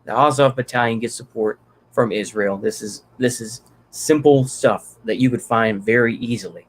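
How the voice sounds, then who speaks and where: A man's voice: mid-range voice, normal speed. A man from Texas giving unscripted solo political commentary, rambling and profane, with many fillers and restarts.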